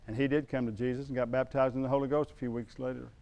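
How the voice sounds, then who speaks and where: A middle-aged man preaching a sermon, moving from quiet storytelling to emphatic calls to the congregation. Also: mid-range voice, flat delivery, rapid-fire. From United States. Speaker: pastor.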